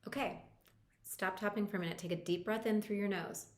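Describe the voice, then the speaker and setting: A woman coach leading a guided tapping lesson, talking the listener through each step in a calm, reassuring way. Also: medium pitch, a little fast. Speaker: EFT practitioner and coach. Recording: roomy echo.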